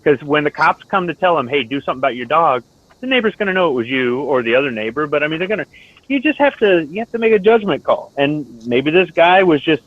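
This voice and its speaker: A man in casual chat who talks things through calmly and gives advice. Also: a little high, quick pace, no echo. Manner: calm, reasoning, advice-giving tone. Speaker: stream host. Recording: tinny phone-like line, dry.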